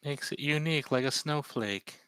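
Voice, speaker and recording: A man's voice: on the high side, moderate pace, pushed and bright, clear, resonant tone, no echo. A man co-hosting, reading chat aloud and teasing his friend in casual banter. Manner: teasing, joking.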